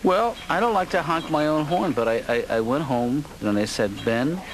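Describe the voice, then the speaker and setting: An actor voicing a mild, hesitant male therapist who speaks softly and trails off mid-sentence. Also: on the high side, animated, normal speed, lightly acted, poor audio. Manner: mild, hesitant, soft-spoken. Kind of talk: cartoon dialogue.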